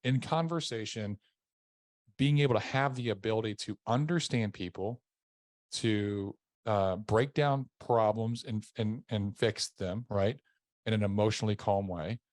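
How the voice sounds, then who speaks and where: A deep-voiced man from Tennessee speaks as a podcast guest, keeping his tone lowered and soft. He often restarts his sentences. The recording is dry and close, with no room sound. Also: a little slow, dry recording. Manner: softened, lowered voice, with frequent restarts. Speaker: podcast guest, army veteran. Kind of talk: casual interview chat.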